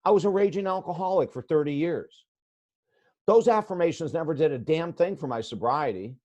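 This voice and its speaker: A man's voice: fairly high pitch, brisk, darkish tone. A man in his sixties, a guest life coach telling a story in a podcast interview, blunt and emphatic.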